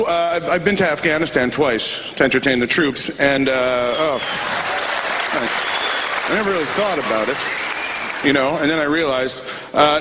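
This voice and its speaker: Deadpan man doing stand-up. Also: mid-range voice, noisy background. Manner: deadpan storytelling with quick asides. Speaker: stand-up comedian. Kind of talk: stand-up comedy set.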